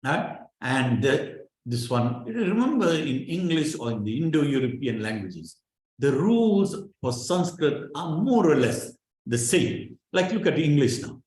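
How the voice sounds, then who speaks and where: A man's voice: a little high, big pitch swings, a little slow, a little mellow. A man teaching Sanskrit pronunciation in an online class, patiently drilling syllables and often checking in with his students. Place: online class over a video call. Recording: very echoey room sound.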